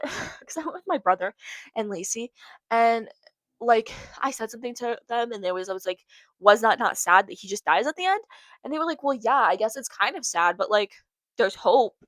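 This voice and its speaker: A woman's voice: on the high side, animated, fast talker, a bit bright, dry recording, low-quality recording. Emotional young woman rambling on a podcast. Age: young adult. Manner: emotional, rambling, repeats herself for emphasis. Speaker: podcast host. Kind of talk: casual solo podcast monologue.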